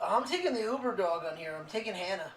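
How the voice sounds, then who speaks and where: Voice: medium pitch, animated, fast. Laid-back co-host joking about fights. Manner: laid-back, laughs, short replies. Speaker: podcast co-host. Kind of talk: casual chat about fight picks.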